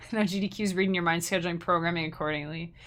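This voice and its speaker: Bright-voiced chatty woman streamer. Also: lowish voice, fast. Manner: chatty, rambling, self-interrupting, laughs often. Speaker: streamer and musician. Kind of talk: casual livestream chat with viewers.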